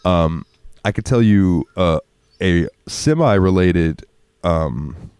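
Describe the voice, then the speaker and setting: Deep-voiced man, profane storyteller. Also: slow, darkish tone, smooth, no echo. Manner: profane, rambling, laughs often. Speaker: podcast co-host. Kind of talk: casual storytelling chat.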